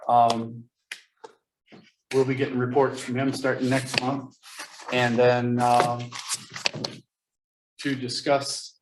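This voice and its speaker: A man on a township board, giving a halting update with many fillers at a public meeting. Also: mid-range voice. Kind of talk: casual meeting talk. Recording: echoey room with faint noise.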